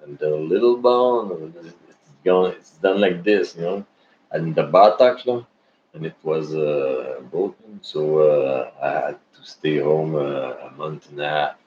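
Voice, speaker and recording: A man who is talking casually to his followers. He rambles and halts, with many restarts and fillers. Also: low-pitched. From Canada. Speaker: vlogger. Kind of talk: casual personal chat to followers. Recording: dull lo-fi recording with faint noise.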